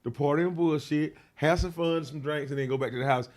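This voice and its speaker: A man with a slightly raised voice spins a crude, slangy story for an interviewer, cursing freely and stumbling through fillers. He grows loud and animated when he reenacts the action. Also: on the high side, a little fast. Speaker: interview guest. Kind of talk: telling a personal story.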